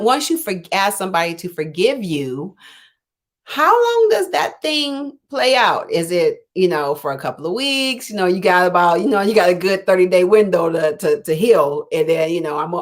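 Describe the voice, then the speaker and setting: A middle-aged woman life coach, unwell and clearing her throat, chatting casually on a live stream and acting out both sides of her conversations. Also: on the low side, a little fast, hardly any pauses. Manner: conversational, rambling with many fillers and restarts.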